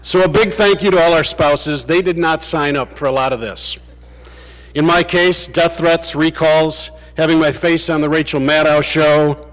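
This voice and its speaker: A state legislator's farewell to his colleagues is full of anecdotes told with dry humor. He speaks on the high side, a bit bright, holding a steady tone at a moderate pace. The recording carries the long reverb of a big chamber.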